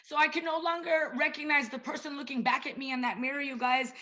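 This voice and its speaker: Woman, 30s, high bright voice, chatty, personal, casual online presentation, video call, slightly dull lo-fi sound. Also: fairly even intonation, quick pace. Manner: chatty and personal, addresses listeners as "you guys". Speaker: wellness coach presenting to a group.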